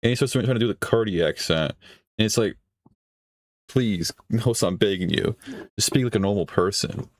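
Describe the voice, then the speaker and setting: Brief: low-pitched man, dry close sound, offhand swearing streamer reacting to clips. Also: normal speed, long pauses, no echo. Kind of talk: casual reaction commentary.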